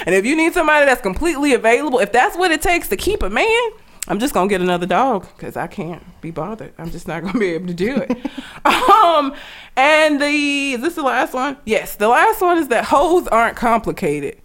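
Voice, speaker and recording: Animated laughing woman, high lively voice. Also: brisk. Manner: animated, laughing, swearing, ranting. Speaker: podcast co-host. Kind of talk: casual chat.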